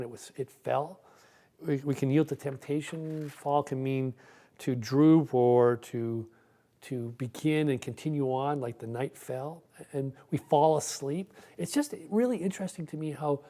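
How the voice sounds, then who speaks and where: Middle-aged male pastor, mellow mid-pitched voice, earnest reflective sermon delivery. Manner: earnest, reflective, with frequent repeats.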